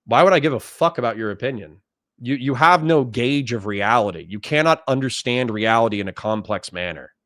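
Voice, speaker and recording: A man's voice: medium pitch, fairly bright tone, dry recording, clean studio sound. A man hosting a political stream, ranting angrily and swearing as he argues with callers. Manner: angry, profane, rapid ranting. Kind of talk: heated political debate.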